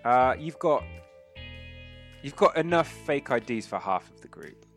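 Bright-voiced man narrating a game. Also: mid-range voice, big pitch swings, measured pace, faint music behind. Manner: chatty, laughs often, loose fillers. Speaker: game master. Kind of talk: narrating a tabletop role-playing game.

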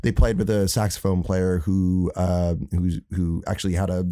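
A man's voice: deep voice, normal speed, dry recording. Rambling Irish man with dry sound. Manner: rambling, animated, acts out quotes. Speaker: podcast guest, saxophonist. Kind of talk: casual storytelling chat.

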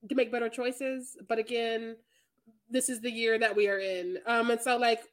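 A woman with a notably high voice co-hosts a casual podcast chat. She talks animatedly, laughs often and acts out what people said. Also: level tone, moderate pace. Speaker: podcast co-host.

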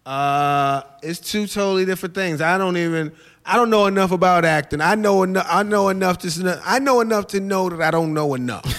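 A man's voice: high-pitched, a little fast, a bit bright. A man who is a stand-up comedian and host, talking casually in an interview, laid-back and repeating his phrases.

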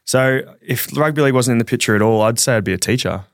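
A man, a rugby league player guest, speaking in a relaxed, reflective way. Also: mid-range voice, quick pace, no echo, studio quality. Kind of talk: casual chat.

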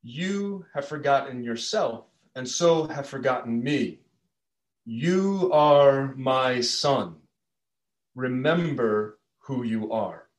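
A man preacher voicing a dead lion father speaking from the heavens, slow and solemn, in an echoey church. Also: mid-range voice, animated.

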